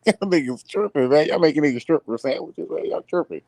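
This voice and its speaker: A man on a casual live stream, joking loudly, swearing a lot and laughing between rants. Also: fairly high pitch, expressive, fairly quick, vocal fry, no echo. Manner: loud, profane, laughing, riffs into mocking voices. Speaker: podcast co-host.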